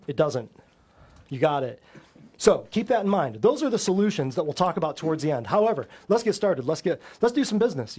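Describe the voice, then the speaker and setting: A man with a notably high speaking voice lectures a live audience as host of a natural health show. He talks bluntly and combatively, pressing his points with one rhetorical question after another. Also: darkish tone. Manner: emphatic, fires rhetorical questions at listeners.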